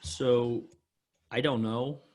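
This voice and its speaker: A man's voice: medium pitch, fairly even intonation, very slow, a little mellow. A man chatting on a group podcast, joking and teasing his friends in easygoing banter. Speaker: podcast co-host. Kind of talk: casual group chat.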